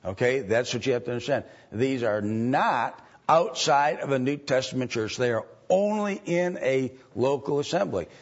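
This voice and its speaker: A man teaching from the Bible in a slow, halting way, with many ums and restarts. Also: mid-range voice, animated. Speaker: preacher. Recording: dull lo-fi recording.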